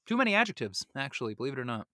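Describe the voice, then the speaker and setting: A man co-hosting a comic podcast, an animated and joking storyteller with crude humor. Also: medium pitch, racing, dry recording, clean studio sound. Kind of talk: casual podcast banter.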